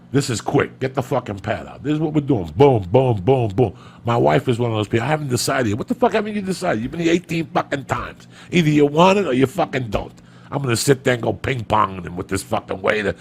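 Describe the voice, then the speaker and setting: Gravelly, profane comedian ranting. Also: male voice, mid-range voice, animated, fast. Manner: loud, swearing, punchy bursts with sudden shouts. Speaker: comedian guest on a podcast. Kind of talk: profane comic rant and storytelling.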